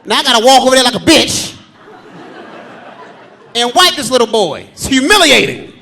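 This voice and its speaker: Thirty-something guy doing standup, really high voice, loud profane bits about his kids. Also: very animated, moderate pace, gravelly. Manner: loud, profane storytelling, acts out his kids in squeaky shouts. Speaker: stand-up comedian. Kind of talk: live stand-up comedy. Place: large theater stage. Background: live audience laughter.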